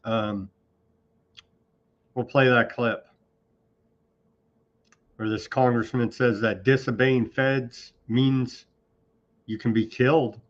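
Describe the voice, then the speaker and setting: A man's voice: medium pitch, steady tone, slow pace, long pauses. A man hosting an online news show in a loose, off-the-cuff way, with sarcastic asides. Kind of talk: casual online news commentary. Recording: slightly dull lo-fi sound.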